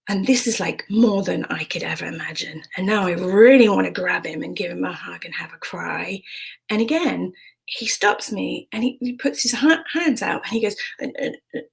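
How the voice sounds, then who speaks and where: A British woman in her forties telling a frank personal story in a hushed, intimate way. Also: on the low side, normal speed, creaky, husky, rough recording. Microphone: streamed stage mic.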